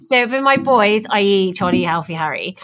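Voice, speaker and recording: A woman guest in casual podcast chat, telling lively, excitable stories. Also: medium pitch, moderate pace. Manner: lively, excitable storytelling with laughter.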